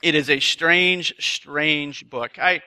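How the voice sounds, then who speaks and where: A man's voice: a little high, slow, bright, forceful tone, clean tone. A man speaking at a retreat, telling self-deprecating stories in a chatty sermon to a live audience. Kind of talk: sermon with a humorous personal story. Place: live talk before an audience.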